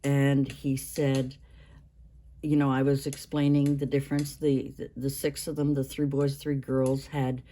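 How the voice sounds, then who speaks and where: Slow, low-voiced older woman rambling. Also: completely flat delivery, mellow. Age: 60s. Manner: rambling, halting, with many restarts and fillers. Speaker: craft channel host. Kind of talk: casual show-and-tell vlog.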